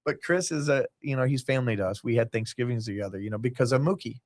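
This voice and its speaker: A man's voice: mid-range voice, fast talker, a little mellow, dry recording. A man in a casual podcast chat who rambles from tangent to tangent, acting out what people said. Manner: rambling storyteller, jumps between tangents, acts out quotes. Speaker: guest, basketball team owner.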